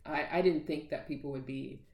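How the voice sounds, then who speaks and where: A woman's voice: sits low, a little fast, vocal fry, darkish tone. A woman guest on a casual podcast, laid-back and jokey, often trailing off.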